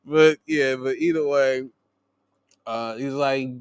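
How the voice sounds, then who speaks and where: A man's voice: mid-range voice, slow pace, vocal fry, smooth. A young man hosting a casual wrestling recap, joking and swearing as he talks. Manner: animated, joking, swears and laughs a lot. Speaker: show host.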